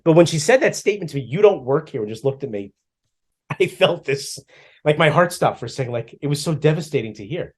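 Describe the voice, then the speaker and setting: A middle-aged man co-hosting a podcast, chatting casually and telling stories with lively acted-out asides. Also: on the high side, a little fast. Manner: animated storyteller, acts out his own past lines. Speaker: podcast co-host. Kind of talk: casual chat.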